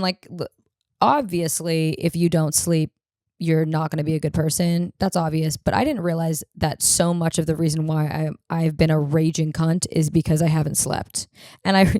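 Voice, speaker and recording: A woman with a deep, raspy voice rambles through comic stories as a podcast host. She talks casually and bluntly, with plenty of swearing. Her voice sounds close and dry, with no room around it. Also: darkish tone, no echo. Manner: blunt, profane, rambling storyteller. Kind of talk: casual comedic monologue.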